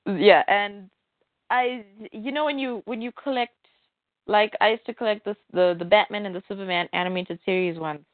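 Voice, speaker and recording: A woman co-host in a casual chat, chatty and quick to laugh, with many fillers. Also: mid-range voice, dry recording. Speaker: podcast co-host. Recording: tinny phone-like line.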